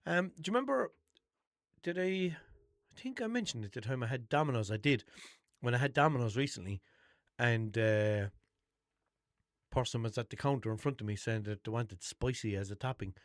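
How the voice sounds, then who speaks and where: Casting note: young Limerick Irish man, mid-pitched, chatty and sweary, unscripted podcast monologue, dry close sound. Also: animated, moderate pace, dry recording. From Ireland. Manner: chatty, swears a lot, rambling storytelling with restarts. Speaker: podcast host.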